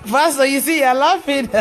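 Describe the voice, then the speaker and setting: A woman leading a live online prayer session who laughs often, exclaims and prays aloud in a relaxed casual way. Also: a little high, brisk, soft background music. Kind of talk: casual live-stream ministry talk.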